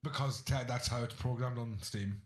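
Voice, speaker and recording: A man's voice: mid-range voice, steady tone, normal speed. Matter-of-fact man in an echoey room. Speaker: podcast co-host. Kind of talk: casual chat.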